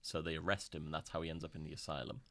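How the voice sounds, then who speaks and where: A young man from Scotland talks through a film on a casual podcast with friends. His voice is low and gravelly with fry. He rambles, swears a lot and drops into quick put-on voices to retell scenes. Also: little pitch movement, a bit bright. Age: young adult. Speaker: podcast co-host.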